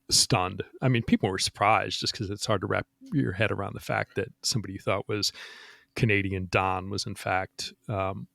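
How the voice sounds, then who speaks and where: A middle-aged man with a fairly low voice talks in a loose, rambling way, leaning on "you know" and restarting his sentences. The sound is dry and close, with no room around it. He comes across as a frank guest in a casual interview. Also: creaky, a bit bright, no echo. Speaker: guest, former counterintelligence agent.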